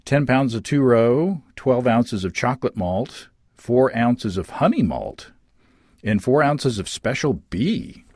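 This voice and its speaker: A man's voice: medium pitch, slow, no room sound, clean studio sound. A man hosting a casual chat, reading listener letters aloud with frequent fillers and laughter. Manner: lively, laughing, many fillers and restarts. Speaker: podcast host.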